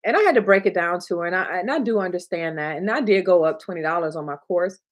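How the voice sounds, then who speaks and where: A fast-talking woman with a fairly low voice hosts a livestream from Michigan, where she trains notary signing agents. In her 30s or 40s, she chats warmly and casually with viewers and the chat, laughing often and getting emotional at times.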